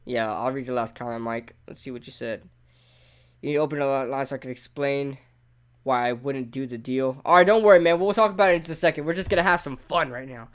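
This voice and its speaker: A man hosting a casual live sports talk stream, excitable and talking straight to his chat. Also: mid-range voice, fast, clean tone. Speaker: sports talk show host.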